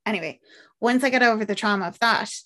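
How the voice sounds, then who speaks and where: A loud crowd surrounds this Irish woman as she talks fast at a medium pitch, casually going over a film as a podcast co-host. She meanders, fills gaps with fillers, and acts out lines.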